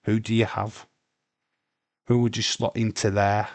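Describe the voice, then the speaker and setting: A man with a Yorkshire accent chats slowly and loosely on a live stream, reading out viewers' messages and stumbling into restarts. He swears freely. The mic sound is close and dry, with no room around it. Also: on the low side, level tone, a little mellow, dry recording. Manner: swears freely, reads chat aloud, rambling with restarts. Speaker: livestream host. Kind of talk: casual live watch-along chat.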